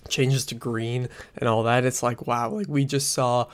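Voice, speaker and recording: A man talks through a show review at a home setup, close on a desk microphone. His voice sits at an ordinary middle pitch. He rambles and leans on frequent fillers. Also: level tone, measured pace. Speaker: film and TV reviewer. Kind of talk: casual spoken review. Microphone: USB desk microphone close up.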